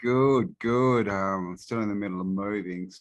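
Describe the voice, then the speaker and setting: A man's voice: on the low side, normal speed, highs cut off. A man, a guest in a casual chat, ranting and swearing freely.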